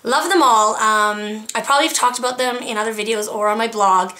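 A woman's voice: fairly high pitch, a little fast, bright, forceful tone. A young woman chatting casually about her favorite beauty products, enthusiastic and full of fillers. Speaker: beauty vlogger. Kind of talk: casual monthly favorites review.

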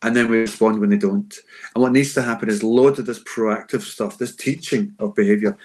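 A man's voice: medium pitch, brisk. A man answering teachers' questions in an unscripted session, emphatic and conversational. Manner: emphatic and conversational, acting out classroom lines. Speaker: school behaviour adviser answering teachers' questions.

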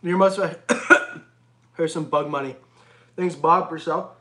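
A man hosting a casual reptile livestream, jokey and excitable, often breaking into laughs. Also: fairly high pitch, slow pace. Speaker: reptile channel host. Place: home reptile room. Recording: echoey room.

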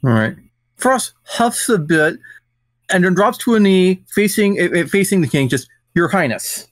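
Guy player in a tabletop game, kinda high voice, formal polite character talk, dry mic. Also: lively intonation, moderate pace, no room sound. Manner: formal, earnest in character speech.

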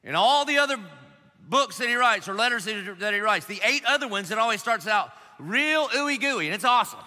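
A man preaching a lively sermon as pastor to a church congregation, animated and joking, pleading and emphatic in turn. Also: sits high, a little fast. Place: large church auditorium. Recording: long reverb of a large church hall.

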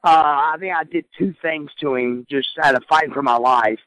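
A middle-aged former wrestler telling candid, animated stories in a shoot interview. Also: male voice, a little high, moderate pace, no room sound, poor audio.

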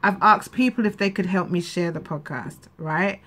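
A woman's voice: fairly low pitch, moderate pace, a bit bright. A woman venting in a candid personal vlog, rambling and frustrated, with frequent restarts. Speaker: vlogger.

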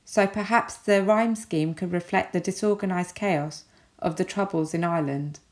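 Woman teacher, English accent, recorded online lesson, clear and measured. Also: fairly low pitch, darkish tone. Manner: clear, measured explanatory delivery.

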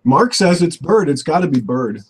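Husky guy reading chat comments, kinda higher voice, playful. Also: big pitch swings, normal speed. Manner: reads out chat messages, playful. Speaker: co-host reading viewer comments. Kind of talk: casual chat.

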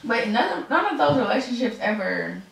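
A woman's voice: fairly high pitch, big pitch swings, moderate pace, vocal fry. A woman in her twenties talking casually as an interview guest, chatty with many fillers and restarts. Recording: very echoey room, distant mic.

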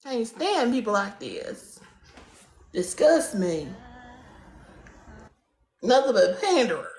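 A woman's voice: on the high side, echoey room. Woman ranting profanely on a live stream. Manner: profane, insulting, dramatic rant. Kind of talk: comedic ranting livestream.

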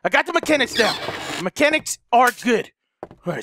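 A man commentating a horror game, panicking loudly, swearing and laughing. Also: very high-pitched, very animated, a little fast, slight background noise. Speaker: gamer commentator. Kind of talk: let's play commentary.

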